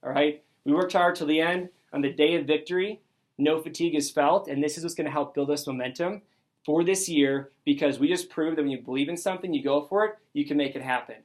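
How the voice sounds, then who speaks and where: A young man gives a motivational talk to his sales team, his voice sitting a little high for a man. He tells the story excitedly and acts out each person's lines as he goes. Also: fairly quick. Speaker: sales district manager.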